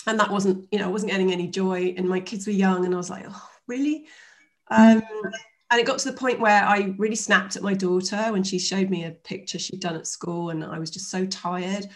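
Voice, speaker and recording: A woman in her fifties speaks as a guest in a relaxed interview. She tells her story in a chatty, animated way, with plenty of fillers and restarts. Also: medium pitch, a little fast. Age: 50s.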